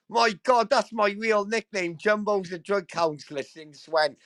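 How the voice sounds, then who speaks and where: A loud-mouthed young livestream host who swears freely and peppers everything with "right?" His voice sits on the higher side and the sound is dry, close and unroomy. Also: measured pace, few pauses, no room sound, low-quality recording. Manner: brash and sweary, keeps tagging lines with bro and right. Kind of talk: rowdy livestream banter.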